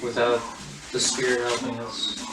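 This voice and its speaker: A man's voice: medium pitch, monotone, unhurried, roomy sound, distant mic, background noise. A man in casual conversation about faith, speaking earnestly and with strong emphasis.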